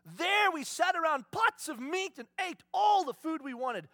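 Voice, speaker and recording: A man voicing the grumbling Israelites, shouting and whining in a high, complaining voice. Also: very animated, measured pace, dry recording, studio quality, exaggerated voice. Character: wailing, grumbling crowd of hungry ex-slaves.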